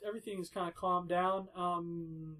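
A man running a tabletop game as game master, talking in a relaxed way with frequent chuckles and fillers. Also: high-pitched, unhurried. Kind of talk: casual tabletop game narration.

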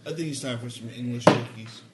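A man's voice: medium pitch, quick pace, heavy background noise. A man playing a tabletop game, dry and matter-of-fact. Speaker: player. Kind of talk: casual chat at a game table.

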